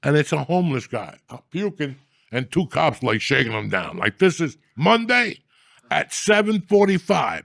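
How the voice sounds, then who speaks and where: A man with a heavily gravelly, rough voice tells stories in a loud, profane, animated rant, full of shouting bursts. The sound is dry and close. His pitch sits in the middle for a man. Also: normal speed, no echo. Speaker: podcast host. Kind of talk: casual comedic rant.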